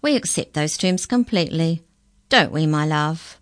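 A woman reading aloud and voicing a scheming male pastry cook who talks in a smooth, ingratiating way. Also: on the low side, moderate pace, natural voice. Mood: wheedling.

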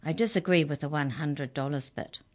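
A woman's voice: low voice, moderate pace, lightly acted. A woman voicing a stubborn, feisty girl in a children's storybook, defiant and unbending.

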